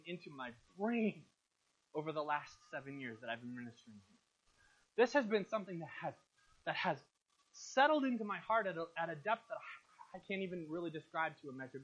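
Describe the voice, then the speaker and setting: A man's voice: sits high, a bit bright, slightly rough. A male pastor giving a sermon, emphatic and questioning his congregation. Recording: muffled lo-fi recording.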